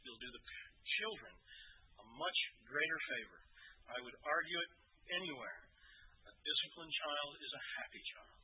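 A man's voice: a little high, lively intonation, normal speed. A middle-aged man preaching a sermon at a church service, telling a story in a firm, earnest way. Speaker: pastor. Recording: tinny phone-like sound with faint hiss.

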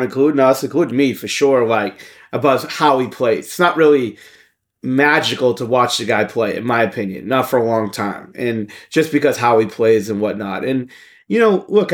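A man co-hosting a casual sports podcast, blunt and profane, thinking aloud with lots of fillers. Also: medium pitch. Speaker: podcast co-host.

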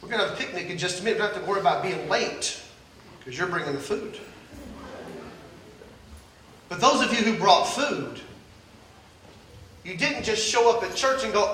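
A man's voice: high-pitched, animated, normal speed, pauses often, bright, forceful tone, roomy sound, distant mic, slight background noise, low-quality recording. An older man preaching a sermon as pastor, repeating phrases with rising urgency. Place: church sanctuary.

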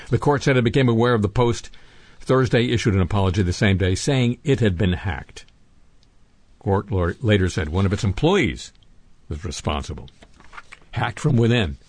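A man with a lowish voice reads news stories on his radio show, dropping deadpan, sardonic quips between the items. The sound is close and dry, with no room around it. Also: no echo. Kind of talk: wry news commentary.

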